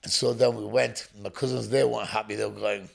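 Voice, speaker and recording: A man's voice: fairly low pitch, steady tone, brisk, creaky, slightly rough. A man from England, a podcast guest, telling his story bluntly, swearing often and acting out what people said. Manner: blunt, swearing, acts out dialogue. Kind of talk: storytelling interview.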